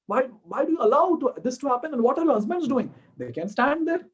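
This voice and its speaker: A man's voice: extremely high pitch, very animated, fast, breathy edge, muffled recording, voice pushed up, heavily acted. A man with an Indian accent voicing an indulgent village mother who asks questions in a soothing, raised voice. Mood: puzzled. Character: indulgent village mother, calm but puzzled.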